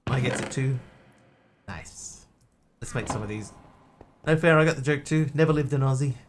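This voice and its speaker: A man's voice: mid-range voice, moderate pace, a little hiss or hum. A man streaming a building game, chatting casually and joking as he reads chat aloud.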